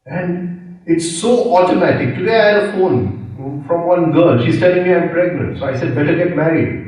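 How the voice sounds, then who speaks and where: A middle-aged man teaches yoga philosophy in a slow, reflective way, often repeating a phrase for emphasis. His voice sits a little high for a man. The mic is well away from him, and the room is very echoey. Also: animated, darkish tone, far from the mic. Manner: reflective, repeats phrases, asks listeners rhetorical checks. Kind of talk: spiritual lecture.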